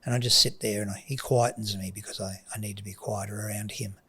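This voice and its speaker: A middle-aged man, telling a personal story as a guest in a soft voice that often drops to a whisper. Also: on the low side, steady tone, fast. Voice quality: gravelly and very raspy.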